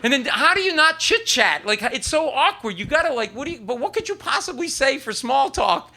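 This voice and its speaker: A man's voice: extremely high pitch, big pitch swings, a little fast, creaky, bright, forceful tone. A middle-aged man doing a stand-up comedy set on a club stage, rambling and profane, acting out both sides of arguments. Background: audience laughter.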